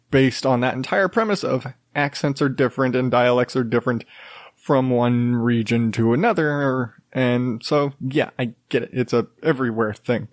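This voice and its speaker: A man's voice: medium pitch, no room sound, studio quality. A man hosting his own podcast, talking alone in a loose, rambling way, full of fillers and restarts. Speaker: podcast host. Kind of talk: casual solo podcast rambling.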